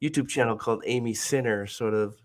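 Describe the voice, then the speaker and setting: A man hosting an interview, getting over bronchitis and clearing his throat, asking halting questions with frequent restarts and apologies. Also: medium pitch. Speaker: podcast host.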